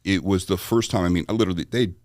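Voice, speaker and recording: A man on a podcast as guest, telling a story with animated asides and acted-out quoted voices. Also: deep voice, racing, dry recording. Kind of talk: storytelling in conversation.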